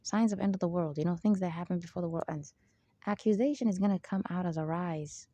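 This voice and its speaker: Talking fast in a lowish, warm voice with no echo, a woman hosts her own channel. She gives an emphatic spiritual monologue that digresses constantly into asides, frequently saying "there you go."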